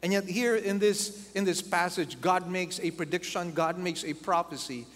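A man's voice: sits high, normal speed, a bit bright. A man preaching a sermon as pastor, acting out quoted voices and repeating key phrases for emphasis. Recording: long hall reverb.

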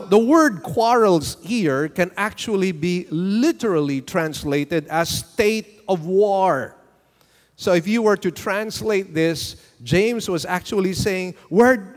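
A man preaching a sermon as pastor, deliberate and measured, asking the congregation to respond and read along. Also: high-pitched, long reverb tail.

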